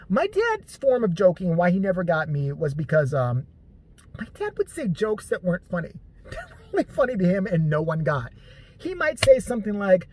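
Casual vlogger storyteller, husky and animated, swears freely, rambling comic monologue. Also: medium pitch, moderate pace, dry recording. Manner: profane, joking, rambling, self-deprecating.

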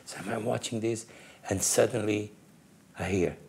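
An older man from Portugal with a Portuguese accent, animatedly telling racing anecdotes in halting, restarting speech. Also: on the low side, steady tone, vocal fry, a little mellow. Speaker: guest storyteller, former racing team manager.

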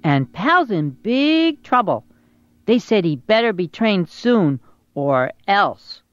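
A woman's voice: mid-range voice, sing-song, takes it slowly, no room sound, highs cut off, voice pushed up. A woman voicing a cheeky, bossy little sister aardvark in a storybook reading, teasing and know-it-all.

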